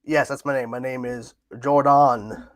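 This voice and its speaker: A man's voice: medium pitch, fairly even intonation, unhurried, a bit bright. A man hosting a casual livestream, reading out viewer questions and answering in a chatty, repetitive way with frequent laughs. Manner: chatty, laughs often, repeats himself. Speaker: livestream host.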